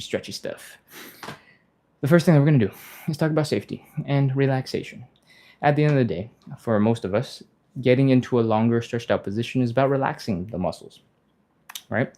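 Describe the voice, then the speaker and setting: A man leads a live stretching session, walking through each move in a relaxed, conversational way. His voice is mellow and middle-pitched, and he laughs easily while chatting with viewers. Now and then he jumps into a high, panicky yelp to act out a nervous body. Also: fairly quick. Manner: casual, chatty, explains step by step, laughs often. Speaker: stretching instructor, live stream host. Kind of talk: live-streamed workout instruction, reading chat.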